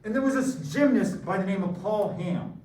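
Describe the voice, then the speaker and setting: A man's voice: high voice, moderate pace, a little mellow. A middle-aged man teaching a math class, joking and rambling through stories. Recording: echoey room from far off, faint noise.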